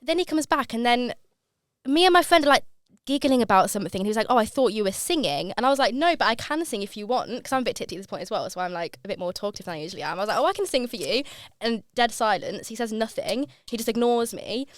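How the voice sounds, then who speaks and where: A woman in her twenties co-hosting a podcast, telling stories in a chatty, animated way. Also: a little high, no room sound, clean studio sound. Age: 20s. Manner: chatty storyteller, fast and animated. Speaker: podcast co-host. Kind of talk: casual chat.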